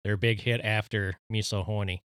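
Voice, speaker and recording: Male co-host, lowish voice, easygoing storyteller, dry recording. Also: steady tone, normal speed, fairly bright tone, no echo. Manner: easygoing, reminiscing, laughs often. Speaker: podcast co-host. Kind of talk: casual banter.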